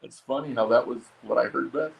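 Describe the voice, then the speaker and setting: A man's voice: medium pitch, a little fast, gravelly, highs cut off. An easygoing, encouraging man chatting casually on a livestream, talking into a phone. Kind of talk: casual chat.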